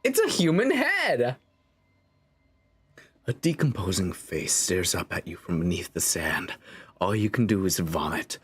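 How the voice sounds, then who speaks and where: A man's voice: deep voice, normal speed, breathy edge, pitched below the performer's own voice. A man doing a sly ominous game narrator. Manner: teasing, ominous storytelling. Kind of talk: reading game narration aloud.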